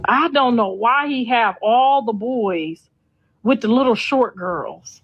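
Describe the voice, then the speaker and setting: A woman's voice: fairly high pitch, slow, lo-fi sound. A middle-aged woman hosting a casual gossip livestream, blunt, sassy and freely profane. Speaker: host.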